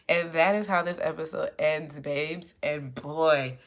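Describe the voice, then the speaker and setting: A woman with a low voice gives a chatty, sassy recap of a TV episode. She speaks with features and jumps into the characters' lines with lots of attitude. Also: moderate pace, few pauses. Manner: chatty and animated, acts out characters' lines with sass. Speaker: TV recap commentator.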